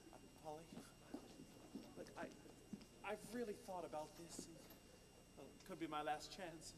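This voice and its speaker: A man's voice: a little high, moderate pace, close to an everyday voice. A stage actor playing an earnest young showman in love, talking eagerly and pleading, in a live musical. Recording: distant stage audio in a large hall, noisy.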